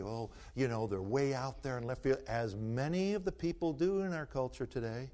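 Speaking at normal speed with few pauses, a man with a medium-pitched, darkish voice addresses an audience and fields their questions. His talk is a folksy storytelling lecture, full of anecdotes and driven by rhetorical, preacher-like emphasis.

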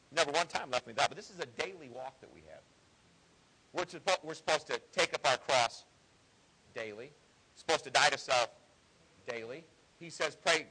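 A man's voice: medium pitch, bright, forceful tone, breathy edge, rough recording. A man preaching a sermon in an earnest, conversational way with folksy asides. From Ohio.

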